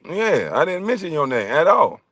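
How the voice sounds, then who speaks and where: A man's voice: a little high, very animated, normal speed, a bit bright, no echo. Brash, mocking man ranting on a livestream. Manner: mocking, profane, laughs often. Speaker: livestream host. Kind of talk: profane livestream rant.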